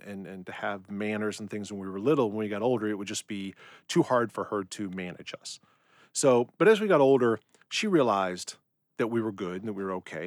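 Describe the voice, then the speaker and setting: A middle-aged man hosting a podcast, telling personal stories in a relaxed way with many fillers. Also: on the low side, dry recording, clean studio sound. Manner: relaxed storytelling with frequent fillers. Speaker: podcast host. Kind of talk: personal reflective monologue.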